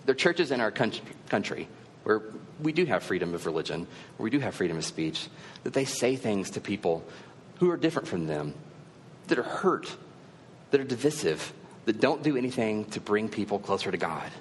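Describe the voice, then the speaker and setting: A man's voice: fairly low pitch, big pitch swings, brisk, in a large hall, a little hiss or hum. A male preacher giving a sermon in a conversational, earnest storytelling manner.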